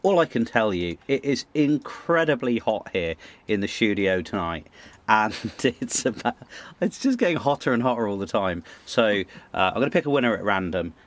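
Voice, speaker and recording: A man's voice: lowish voice, very animated, normal speed. A man presenting a raffle draw on a live show, building it up in a playful, mock-formal way. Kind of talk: casual live-show segment.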